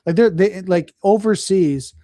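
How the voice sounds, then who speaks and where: A man hosting a podcast in casual chat, telling stories at a quick clip and acting out the people he quotes. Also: sits high. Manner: fast, animated storytelling, acts out quoted people. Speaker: podcast host.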